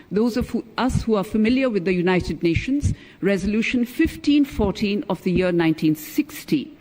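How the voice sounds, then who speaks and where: Emphatic high-voiced diplomat speaking. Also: male voice, a little mellow. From India. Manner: emphatic, stresses key words, measured delivery. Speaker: former ambassador, conference speaker. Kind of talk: formal keynote speech.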